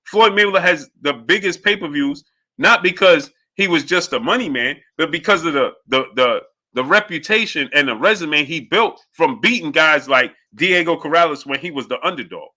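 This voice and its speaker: Commenting live on boxing for a stream, a man speaks with emphasis, says things more than once and calls out chat viewers by name. He sounds fairly high, animated, pushed and bright, at a normal speed.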